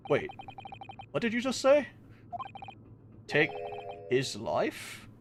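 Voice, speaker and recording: A man voicing a flustered young male law student, reading dialogue in a halting way. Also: on the high side, huge pitch swings, background noise, pitched below the performer's own voice, full character voice.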